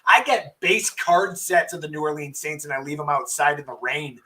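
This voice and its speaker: A man's voice: a little high, normal speed, bright, forceful tone. A man hosting a sports podcast, chatting casually and emphatically with a guest, joking and talking over him. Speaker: podcast host.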